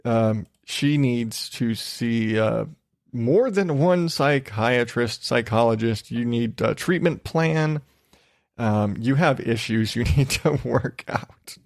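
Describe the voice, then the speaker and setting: A man's voice: mid-range voice, expressive, slow, no echo, studio quality. A man hosting a podcast, ranting crudely with exasperated, laughing disbelief. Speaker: podcast host. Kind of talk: casual ranting monologue.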